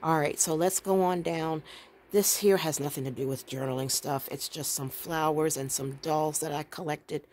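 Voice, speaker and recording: A woman's voice: sits low, fairly even intonation, moderate pace, darkish tone, a little hiss or hum. A woman giving a chatty, rambling tour of her home craft room, often breaking into laughter. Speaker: planner and journaling vlogger.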